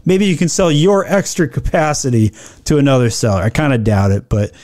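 A man giving blunt, opinionated business commentary, reading out policy lines slowly and then riffing on them with sarcasm. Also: medium pitch, a little mellow. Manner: reads quoted policy text slowly, then riffs.

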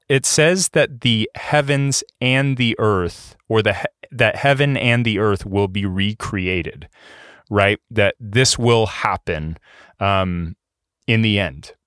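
Low-voiced man preaching casually. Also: slow pace, fairly bright tone, clear, resonant tone, no room sound, clean studio sound. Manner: conversational preaching with many fillers and restarts. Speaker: pastor. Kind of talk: sermon.

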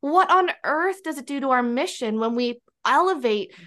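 A middle-aged woman hosts a podcast and tells stories in a casual, animated way. Her voice sits a little high. She talks in lively bursts. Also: normal speed. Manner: animated, storytelling. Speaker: podcast host.

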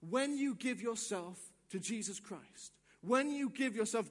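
A male pastor giving a sermon, acting out little dialogues and swinging from quiet asides to shouts. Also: high-pitched, animated, measured pace, hardly any pauses, big-room sound.

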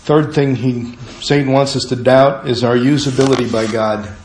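A man preaching a sermon as pastor, shifting between quiet, intimate asides and rising, urgent calls to his congregation. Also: medium pitch, steady tone, normal speed, slight background noise. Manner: swings from hushed asides to rising exhortation. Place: church sanctuary. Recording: very echoey church room.

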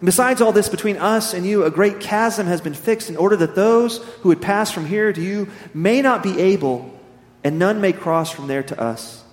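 A man reading the part of a solemn old patriarch, grave and measured. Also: high voice, pitched above the performer's own voice, lightly acted. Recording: echoey hall.

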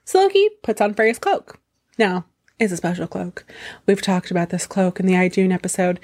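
A woman telling an old myth for laughs, in an irreverent, profane manner full of wry asides. She sounds like the regular host of her own show. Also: mid-range voice. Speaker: storyteller host. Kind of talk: comedic mythology storytelling.

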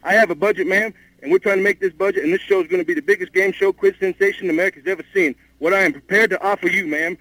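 A man doing a brash Australian game show host on a prank phone call, high and rapid-fire. He is formal and relentless, repeating ma'am while raising the stakes. The sound is close and dry. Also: steady tone, fairly bright tone, no echo. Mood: pushy salesman. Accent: put-on Australian. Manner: relentless, formal, calls her ma'am constantly. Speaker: prank caller.

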